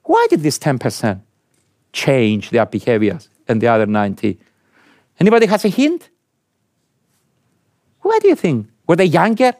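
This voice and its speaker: A man's voice: wildly swooping pitch, moderate pace, long pauses, darkish tone, no echo, clean studio sound. A man lecturing an audience, asking them questions and stressing points emphatically. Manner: asks the audience questions, emphatic rising pitch.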